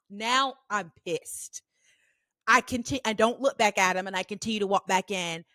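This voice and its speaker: A woman in her thirties hosting a casual solo podcast, telling stories in an animated, blunt way with plenty of swearing. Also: a little high, normal speed, dry recording, studio quality. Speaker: podcast host.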